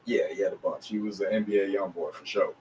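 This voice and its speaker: A man from the Atlanta area, a DJ and rapper, telling a long story in a casual interview with slang and lively voicings of the people he quotes. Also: low-pitched, quick pace. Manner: animated, slangy storyteller who acts out others' voices. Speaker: interview guest, DJ and recording artist. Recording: distant mic with faint background noise.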